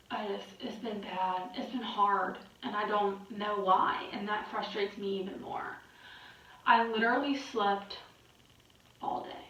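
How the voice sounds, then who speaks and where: A young adult woman with a mid-range, slightly bright voice talks candidly in her personal vlog. She sounds weary and exhausted, rambling and swearing. The recording is very echoey, distant and muffled.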